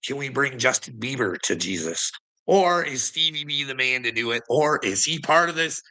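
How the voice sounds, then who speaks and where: Over poor audio, a man with an expressive mid-range voice, pushed and bright, talks at normal speed through a casual conspiracy monologue. He rambles sardonically, laughing often and swearing.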